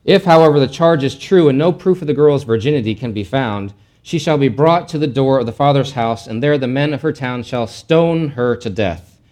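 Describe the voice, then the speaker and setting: A man's voice: medium pitch, animated, normal speed, darkish tone. A middle-aged man teaching a Bible lesson in a casual, explanatory way, often restarting his sentences and tossing in asides.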